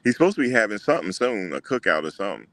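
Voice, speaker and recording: A man hosting a casual livestream, talking back to his chat in an animated way and repeating what others said. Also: on the low side, rapid-fire. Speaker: livestream host.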